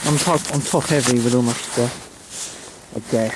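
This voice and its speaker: A British man talking casually to his camera as he walks country trails, with a middle-pitched voice. He rambles, mutters asides and mocks himself. Faint outdoor noise sits behind him. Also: normal speed. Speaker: vlogger. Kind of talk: casual vlog talk to camera. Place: outdoors on flooded rural trails in winter.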